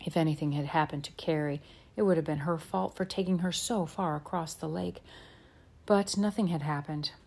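A woman narrating a children's storybook in a slow, gentle, measured way. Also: low voice, vocal fry. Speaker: audiobook narrator.

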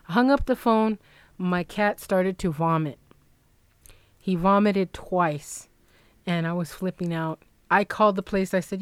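Woman podcaster venting a story, swears a lot, smooth clear voice, dry sound. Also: fairly low pitch, moderate pace, no room sound. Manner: heated, profane, animated retelling. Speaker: podcast co-host. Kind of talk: casual storytelling chat.

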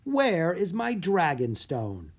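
A reader voicing a cold, menacing grown-man emperor in a children's audiobook, slow and commanding. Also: medium pitch, wildly swooping pitch, breathy edge, pitched above the performer's own voice, heavily acted.

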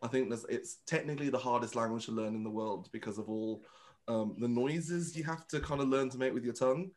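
Campy drag performer, chatty. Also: male voice, medium pitch, fairly quick. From United Kingdom. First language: Vietnamese. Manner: animated, campy storyteller who acts out quotes. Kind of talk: casual interview chat.

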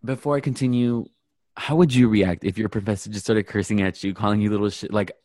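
A man's voice: lowish voice, quick pace, no room sound, studio quality. A young man co-hosting a casual podcast, telling a story with lots of profanity and acting out the people he quotes. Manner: animated, profane, acts out quotes. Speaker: podcast co-host.

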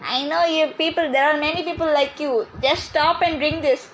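A woman's voice: high voice, fairly even intonation, normal speed, slight background noise, rough recording. A woman playing a bossy, scolding grandmother in an amateur comedy cooking skit.

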